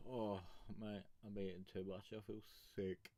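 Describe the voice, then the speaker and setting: A man's voice: on the low side, flat delivery, unhurried, dark tone, dry recording. A man chatting casually and crudely with his live-stream audience, rambling and joking on a sugar rush. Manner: profane, rambling, joking banter with chat. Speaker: music review streamer.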